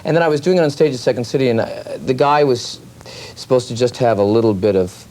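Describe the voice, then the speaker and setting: A male comedian telling stories in an interview with lively delivery. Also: medium pitch, quick pace. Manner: lively storytelling, slips into voices. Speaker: comedian guest. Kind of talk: interview anecdotes.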